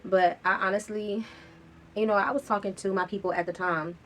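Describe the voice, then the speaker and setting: A woman's voice: mid-range voice, steady tone, brisk, slight background noise. Candid woman telling a personal story. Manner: candid, casual, swears freely. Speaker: vlogger.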